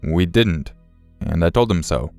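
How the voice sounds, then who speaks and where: Deep-voiced male horror story narrator. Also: expressive, unhurried, darkish tone, no room sound, faint music behind.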